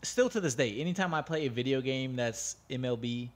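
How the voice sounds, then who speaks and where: A man's voice: mid-range voice, lively intonation, brisk. An American man co-hosting a podcast, blunt and opinionated, swearing freely in casual chat. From United States. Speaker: podcast co-host.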